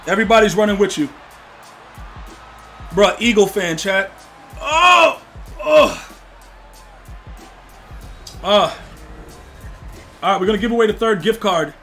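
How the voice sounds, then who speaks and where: Brief: young male streamer, AAVE style, high bright voice, rowdy and profane, faint game music behind. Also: normal speed, pauses often. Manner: loud, profane, excitable trash talk. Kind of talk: casual live-stream chat with viewers.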